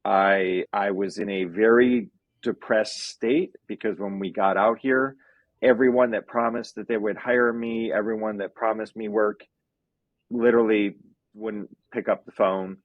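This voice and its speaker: A man's voice: on the low side, steady tone, a little slow, no room sound, narrow, tinny audio. Earnest man telling his story. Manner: earnest, emotional, fighting back tears at times. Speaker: podcast guest. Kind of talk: personal storytelling.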